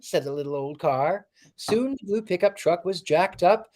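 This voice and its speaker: A man hosting a livestream with a warm, theatrical, exclamatory manner, chatting and reading a storybook aloud. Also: high voice, expressive, normal speed. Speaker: livestream host.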